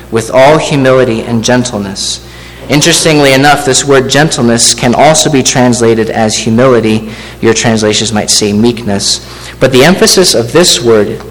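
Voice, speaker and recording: A man preaching an expository sermon to his congregation, his voice carrying long reverb through a hall. He speaks in a measured way and turns often to ask the listeners rhetorical questions. A faint hum sits under the recording. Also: mid-range voice.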